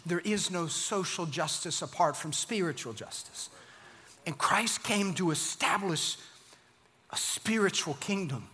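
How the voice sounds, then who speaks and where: A man preaching a sermon as pastor, animated and emphatic, building to fervent peaks. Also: on the high side, measured pace, husky, in a large hall.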